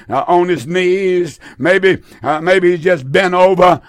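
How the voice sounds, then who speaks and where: Man, fervent Pentecostal preacher, high voice, dry close sound, repeats himself, lots of fillers. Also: no room sound. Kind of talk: Pentecostal sermon.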